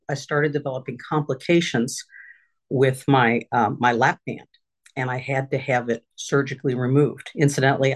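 A middle-aged woman speaks from her office, giving a candid personal share at a recovery meeting with a rumbling low voice. She halts often, using fillers and restarting her sentences.

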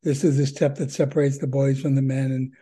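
A man's voice: medium pitch, flat delivery, fairly quick, dark tone, husky. An older man telling his story at a recovery meeting, earnest and rambling, with many fillers and repeated words. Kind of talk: personal testimony.

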